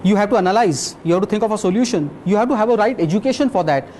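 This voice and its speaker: A man giving a medical lecture as a physician, telling a case story in a lively, blunt way and quizzing his audience. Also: high-pitched, racing, slight background noise.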